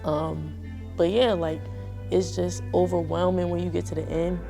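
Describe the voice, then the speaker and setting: A woman's voice: on the low side, little pitch movement, moderate pace, gravelly, over music. A young woman in her early twenties, a graduating college student, giving a heartfelt, conversational testimonial. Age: early 20s. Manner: earnest, heartfelt, conversational with many "like"s. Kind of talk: personal testimonial talk.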